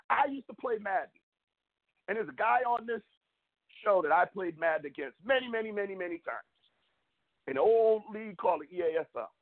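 A man hosting a sports show, ranting in frustration, emphatic and rambling, often repeating himself. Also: high voice. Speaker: sports podcast host. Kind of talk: heated sports rant. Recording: phone-like narrow audio.

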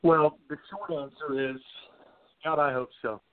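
A man's voice: on the high side, fairly even intonation, a little slow, slight background noise. A man from Southern West Virginia, an actor talking as a podcast guest in an earnest, heartfelt way. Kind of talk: podcast interview. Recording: tinny phone-like audio.

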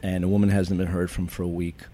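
Low, mellow retired police chief. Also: male voice, quick pace, a little hiss or hum. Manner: wry, deadpan anecdotes with cop jargon. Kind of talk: storytelling in a podcast interview.

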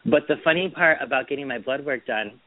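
A man's voice: medium pitch, brisk, no echo. Man, casual podcast co-host, storyteller who does the voices; tinny, dry call-in sound. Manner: chatty storyteller, quotes people in put-on voices. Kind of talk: casual chat. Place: Boston. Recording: dry phone-line sound.

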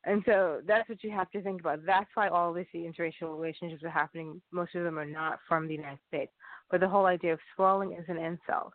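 A man with a fairly high, steady voice talks fast, the sound tinny, phone-like and dry. He delivers a rambling casual monologue, often repeating himself and restarting sentences.

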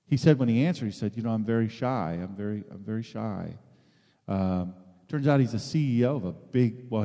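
A man's voice: on the low side, mellow, long reverb tail. A man giving an informal, conversational sermon as a preacher, rambling with many restarts and asides.

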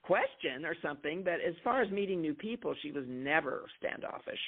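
An older woman from New Mexico, a guest screenwriter, chatting eagerly and rushing into long anecdotes. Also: deep voice, expressive, husky. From New Mexico, USA. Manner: talkative, rushes into long anecdotes. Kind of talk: casual interview chat. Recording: phone-like narrow-band line.

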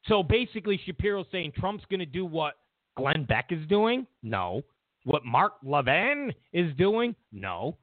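A man delivers political commentary with a lively pitch that jumps all over the place, incredulous and repetitive. The sound is thin and phone-like, with a dry, close feel. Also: unhurried, no room sound. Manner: animated, incredulous, repeats himself. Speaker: host.

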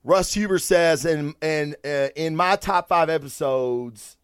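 Podcast host, male, higher pitch, dry room; profane animated rambling rant. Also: slow, clear, resonant tone, dry recording. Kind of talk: casual solo podcast rant.

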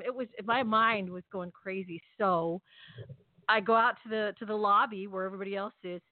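A woman telling a long story in casual chat, animated and chatty, acting out her own lines. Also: mid-range voice, moderate pace, dry recording. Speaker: podcast co-host. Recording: tinny phone-like call audio.

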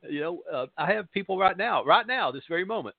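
A man's voice: high voice, animated, fast talker, vocal fry, dry recording. A middle-aged man with a Southern American accent, a pastor hosting a spiritual radio show, talking casually and rambling with many fillers and self-deprecating humor. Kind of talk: casual spoken radio monologue. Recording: dry, phone-like narrow sound.

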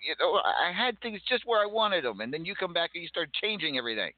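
A man's voice: high-pitched, sing-song, fast, dry recording. Dry radio host man, tinny sound. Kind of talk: casual radio banter. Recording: tinny phone-like lo-fi recording.

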